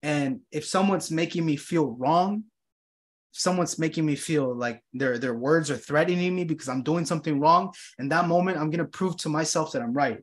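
A man's voice: on the high side, moderate pace. A man giving a reflective motivational talk, earnest and profane, acting out his own inner dialogue. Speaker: motivational speaker.

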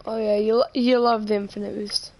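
A woman's voice: mid-range voice, little pitch movement, normal speed, darkish tone. A woman streaming a game live, chatting casually and joking, often trailing off mid-sentence.

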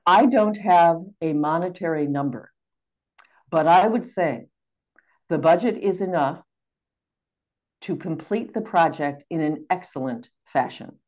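Speaking through a video call mic, a seminar facilitator gives a group step-by-step instructions for an exercise. She is American, with a deeper-than-usual female voice, and her delivery is calm, orderly, careful and polite.

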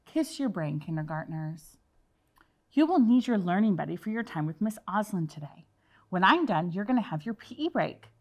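A woman's voice: medium pitch, very animated, normal speed. A woman teaching a kindergarten class on video, talking to the children in a cheerful, encouraging way.

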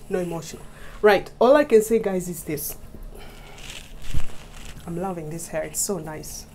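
A woman's voice: medium pitch, a little mellow, slight background noise. A woman from Kenya talking casually to her viewers in a vlog, chatty and often laughing as she keeps addressing them directly. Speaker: YouTube vlogger. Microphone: mic set up in front of her.

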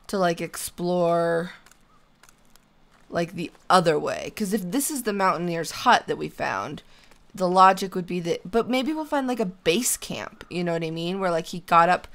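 Chatty woman thinking aloud over a survival game. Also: lowish voice. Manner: chatty, thinks aloud, talks to her character. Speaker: gaming channel host. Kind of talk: casual let's-play commentary.

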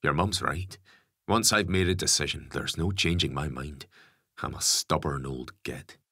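A man playing a stubborn ex-convict father who talks calmly and plainly. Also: extremely low pitch, unhurried, husky, no room sound, clean studio sound, full character voice. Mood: resigned. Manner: calm, plain-spoken.

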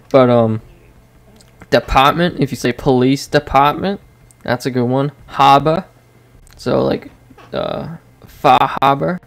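Male gaming host, mid-pitched, gravelly edge, loose chatty play-by-play commentary. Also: a little mellow. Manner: chatty, rambling, reacts to the match while talking. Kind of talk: casual gameplay commentary. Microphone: desk microphone.

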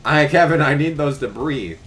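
A man's voice: a little high, animated, normal speed, fairly bright tone, poor audio. A man voicing a frantic female pepper shaker who screeches in panic. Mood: pleading.

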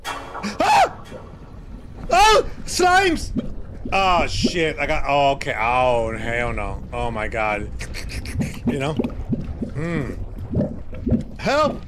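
A man streaming a horror game live, talking to his co-player and yelping and shouting in panic. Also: medium pitch, drawn-out words, pauses often, noisy background. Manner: excitable, yelps and shouts in panic. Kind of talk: live gameplay commentary.

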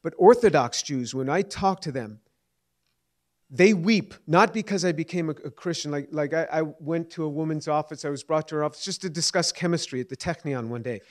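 A man's voice: on the high side, a little fast. Earnest man answering audience questions. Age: 50s. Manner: earnest, repeats and restarts words. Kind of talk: lecture Q&A answer.

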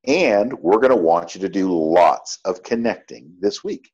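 A man's voice: deep voice, a little slow, hardly any pauses, breathy edge, lo-fi sound. A man giving a motivational sales training talk, telling stories and acting out both sides of each conversation. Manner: animated storyteller, acts out dialogue. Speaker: network marketing trainer.

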